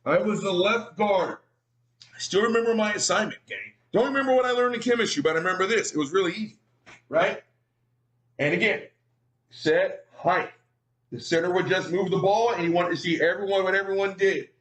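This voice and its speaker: A man telling a profane, animated story, calling his audience "gang.". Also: sits high, brisk.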